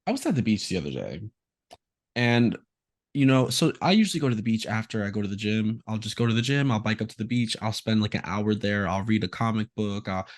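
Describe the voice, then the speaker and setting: A man's voice: fairly low pitch, fairly quick. A man hosting a casual podcast, telling a story and acting out the quotes in it. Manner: animated storyteller, acts out quotes. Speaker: podcast host.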